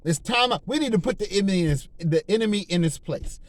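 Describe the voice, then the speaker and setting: A man's voice: high voice, lively intonation, fast, no echo. A man preaching informally and fervently, slangy and full of repeated phrases and restarts.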